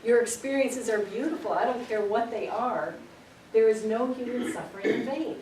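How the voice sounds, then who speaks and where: A woman's voice: a little high, moderate pace, darkish tone. A middle-aged woman giving an earnest, storytelling spiritual talk to a group, repeating words for emphasis. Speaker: spiritual speaker. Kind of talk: informal spiritual teaching to a group. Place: meeting room. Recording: echoey room, distant mic, noisy.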